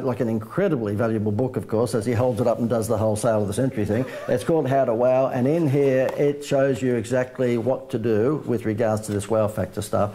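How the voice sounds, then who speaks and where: A man's voice: medium pitch, dark tone. An Australian man, a marketing guest, telling punchy salesman-like stories in a business interview.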